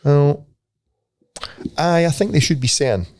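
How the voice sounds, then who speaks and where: A man's voice: a little high, animated, takes it slowly, a little mellow, dry recording, studio quality. A Scottish man co-hosting a podcast in casual chat, swearing freely and laughing at his own stories. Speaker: podcast co-host.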